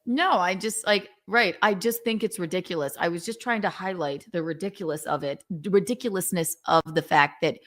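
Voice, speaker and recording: A woman's voice: on the low side, brisk, hardly any pauses. Woman co-hosting a casual livestream. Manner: conversational, restarts phrases, sarcastic asides. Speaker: livestream co-host. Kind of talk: casual chat.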